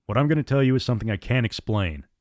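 A man voicing a male airline captain who speaks soft and firm while addressing his crew and passengers. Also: mid-range voice, animated, very fast, no echo, studio quality, natural voice. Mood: resolute. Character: male airline captain, steady under crisis.

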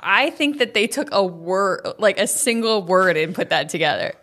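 A woman's voice: mid-range voice, expressive, normal speed, fairly bright tone. A woman co-hosting a casual podcast, wry and blunt, swearing casually. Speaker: podcast co-host. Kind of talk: casual chat.

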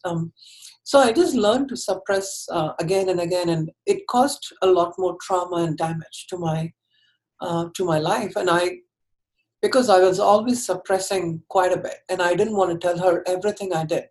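A woman speaks in a lower register, telling her own story to an interviewer. She is candid and earnest, and her sentences often stall and restart as she works through them. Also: moderate pace, darkish tone, poor audio.

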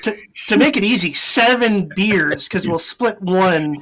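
A man's voice: sits high, animated, a little slow, background noise. A man co-hosting a podcast in casual chat, easygoing and making dry quips. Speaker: podcast co-host.

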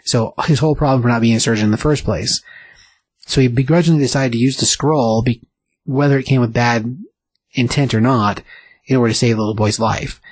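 Husky-voiced man recapping a comic. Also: medium pitch, a little fast, no echo, low-quality recording. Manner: rambling, filler-heavy, enthusiastic. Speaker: comic book reviewer. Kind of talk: casual comic book recap.

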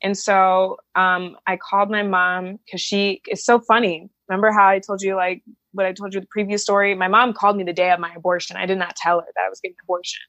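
A woman's voice: medium pitch, flat delivery, fast talker, a bit bright, no room sound, lo-fi sound. A woman from the Chicago suburbs telling a personal story to an interviewer, candid and emotional, swearing freely and acting out the voices of people she quotes. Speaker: interview guest.

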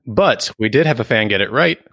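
A man co-hosting a podcast in casual chat, lively and quick to joke. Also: medium pitch, vocal fry, no echo, clean studio sound. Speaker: podcast co-host.

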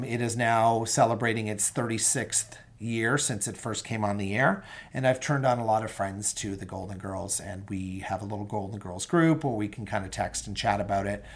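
A man's voice: lowish voice, a bit bright. A young man hosting a solo podcast, chatting casually and enthusiastically with many ums and asides to his listeners. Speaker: podcast host.

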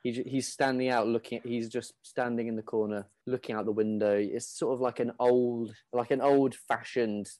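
A man's voice: medium pitch, steady tone, moderate pace, hardly any pauses, darkish tone, no echo. A man narrating a tabletop role-playing game as game master, in casual, filler-heavy speech.

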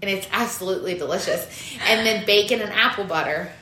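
An easygoing young woman with a bright, forceful voice co-hosts a casual chat and giggles through her stories. Her voice echoes around the room over a faint rumble. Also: quick pace. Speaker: podcast co-host.

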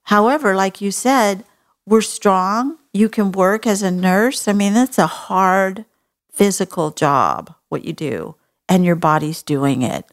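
A woman's voice: mid-range voice, expressive, slow. A woman from Texas with a Texan accent, hosting an advice conversation in a frank, folksy, compassionate way. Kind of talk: advice talk show conversation.

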